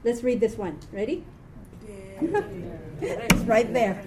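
A tired woman teaching a live reading class, chatty, quick to laugh and correct herself. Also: fairly high pitch, a crowd in the background.

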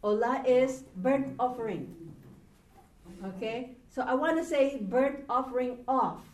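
Woman teaching a class, slow and patient, slightly high voice, roomy classroom from a distance, faint noise. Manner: patient, asks the class questions. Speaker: Hebrew teacher. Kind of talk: classroom lesson.

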